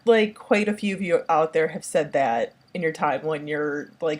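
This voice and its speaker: This woman's voice sits fairly low and is expressive, moving at a moderate pace. Talking casually about a horror film, she rambles and gushes with enthusiasm, constantly dropping fillers like "like" and "um."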